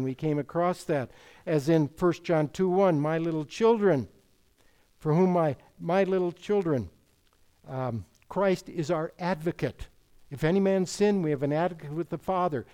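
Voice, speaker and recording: A mellow, slightly high male voice carries this expository sermon. The preacher makes his points emphatically, asks rhetorical questions, and quotes the King James wording of scripture.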